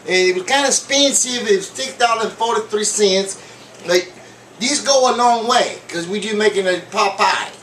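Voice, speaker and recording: A high-pitched man hosts his own cooking show, rambling cheerfully and tossing in jokes between steps. He is picked up from across the room in an echoey home kitchen. Pans, dishes and cutlery clatter clearly behind him. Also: normal speed, fairly bright tone, distant mic, slight background noise. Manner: rambling and jokey, with many fillers and asides. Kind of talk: casual comedic cooking demo. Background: clinking dishes, pots and cutlery.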